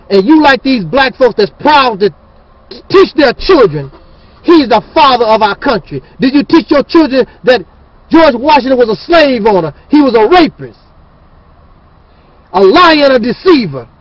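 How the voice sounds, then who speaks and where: A man's voice: extremely high pitch, dry recording, muffled recording. A man hosting his channel, ranting in a fiery, preachy and scornful monologue. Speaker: channel host.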